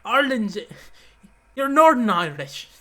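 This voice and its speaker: Give me a man doing a shouty impression of a blustering old male wrestling boss, voice pushed high. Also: very animated, measured pace, exaggerated voice. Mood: ranting. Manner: mocking impression, rising and shouty.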